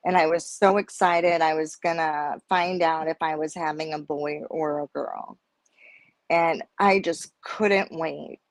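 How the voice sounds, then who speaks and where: A middle-aged woman appears as a guest on a panel chat, sharing a personal story in a low, unhurried voice with no room sound. She's an animated storyteller who acts out the voices of the people involved.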